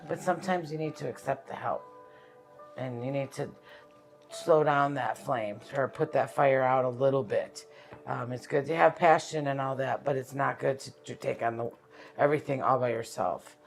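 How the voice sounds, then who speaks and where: Man, tarot reader, gravelly, halting, searches for words, soft music behind. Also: medium pitch, fairly even intonation. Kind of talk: live-streamed tarot reading.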